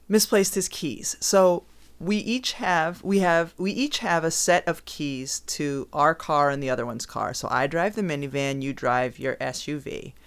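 A woman's voice: low voice, clean tone. A woman co-hosting a podcast, teasing her partner in casual chat and laughing often as she talks. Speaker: podcast co-host.

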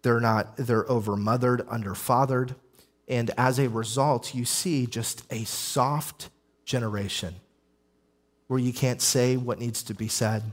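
A young adult man delivers a sermon as a pastor, in a middle-pitched voice. He preaches emphatically, stacking up lists and repeating phrases for weight. His pace pushes ahead and then slows to land a point. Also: steady tone.

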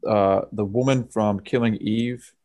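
A man with a Southern US accent chatting casually as a podcast co-host, laughing easily and pausing on fillers. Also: lowish voice, steady tone, warm tone. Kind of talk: casual chat.

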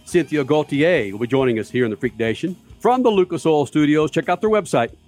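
A man hosting a motorsports radio show, interviewing a guest in a jokey, energetic way. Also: on the high side, a little fast, faint music behind.

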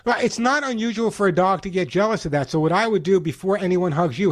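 Brisk joking radio pet-show host, a man. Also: high-pitched. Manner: brisk, joking, emphatic advice-giving. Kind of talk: call-in radio advice.

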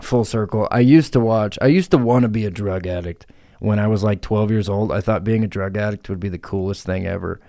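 A man's voice: on the low side, a little fast, warm tone, dry recording. A young man co-hosting a podcast in a studio, trading crude jokes, swearing freely and laughing often. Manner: laughs often, swears, jumps into silly put-on voices. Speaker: podcast co-host. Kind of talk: crude casual banter.

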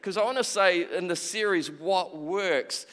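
Male preacher, fairly high voice, chatty sermon, acts out quotes, long hall reverb. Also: measured pace, a bit bright. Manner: conversational, acts out quoted voices, repeats himself.

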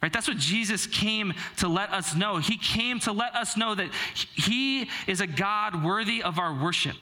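Bright, high-voiced young preacher. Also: male voice. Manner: conversational, self-deprecating storytelling with filler words. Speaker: pastor. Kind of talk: sermon with personal story.

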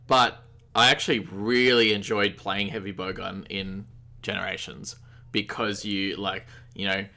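Bright-voiced Australian man, rambling podcast chat. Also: fairly low pitch, measured pace, gravelly. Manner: relaxed, rambling, many fillers. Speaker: podcast co-host. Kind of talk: casual gaming chat.

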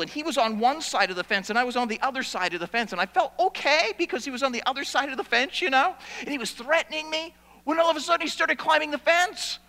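A man preaching a sermon, telling stories that swing from loud to hushed. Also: very high-pitched. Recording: long reverb of a large hall.

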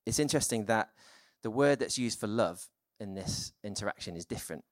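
Casual low-voiced male preacher, dry sound. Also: expressive, fairly quick, dry recording. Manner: conversational, informal sermon with many fillers. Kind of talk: sermon.

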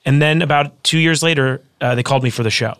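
Man, thirties, rapid earnest storytelling, dry close studio sound. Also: mid-range voice, a bit bright, no room sound. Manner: fast, earnest storytelling with frequent restarts. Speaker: author guest. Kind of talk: casual interview conversation.

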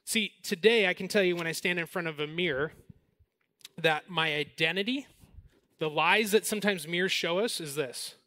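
Man, 40s, preaching a sermon, animated storytelling, bright tone, dry close sound. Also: sits high, dry recording. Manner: animated storytelling, then slows and softens for the message. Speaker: pastor.

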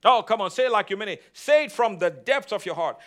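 High-voiced preaching man, emphatic. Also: animated, fast talker, fairly bright tone. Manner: emphatic, repetitive preaching with call-and-response. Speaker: pastor. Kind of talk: sermon. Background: congregation answering amen.

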